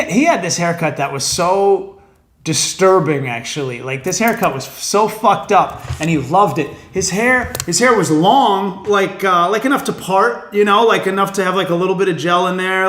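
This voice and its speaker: A man's voice: on the high side, a bit bright. A male stand-up comedian telling stories on a podcast in a rambling, profane, casual way with lots of fillers. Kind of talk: casual comic storytelling. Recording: roomy echo.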